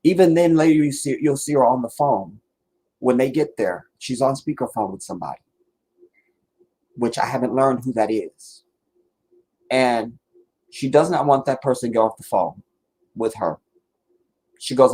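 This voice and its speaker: Man, husky voice, medium pitch, emotional preaching commentary. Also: normal speed, mellow, low-quality recording. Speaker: online commentator. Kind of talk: impassioned commentary monologue.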